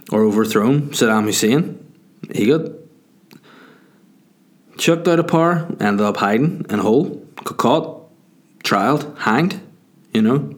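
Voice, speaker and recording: A man hosting a podcast, telling a rambling comic story full of swearing, with constant "you know" and "do you know what I mean". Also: lowish voice. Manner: profane, joking, digressive storytelling. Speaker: podcast host.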